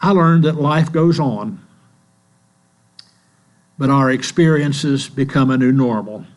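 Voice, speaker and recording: An older man preaching a sermon in a church, telling stories in a slow, earnest way. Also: medium pitch. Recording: mains hum in the background.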